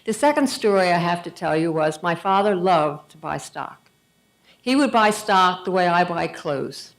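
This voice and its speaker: A woman's voice: fairly low pitch, animated, normal speed. A middle-aged woman giving a conversational storytelling speech at a gala, acting out bits of dialogue. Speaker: gala speaker.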